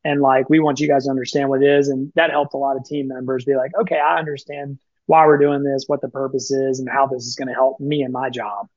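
A man chatting as a podcast guest, telling stories in a quick, lively way and often acting out what he and others said. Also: medium pitch, no room sound, dull audio. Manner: fast, animated, quotes himself and others often. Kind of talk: casual storytelling.

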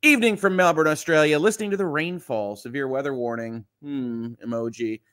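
A man's voice: on the high side, fairly quick, a bit bright. A man from Michigan hosting a casual morning livestream, chatty and reading viewer comments aloud with quips. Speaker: livestream host.

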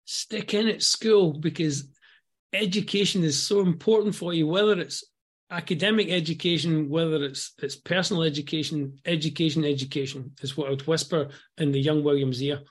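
Interviewed on a podcast as a guest entrepreneur, a fifty-something man from Scotland talks at normal speed in a voice on the high side. The intonation stays fairly even, and his earnest delivery often repeats words at the start of a thought.

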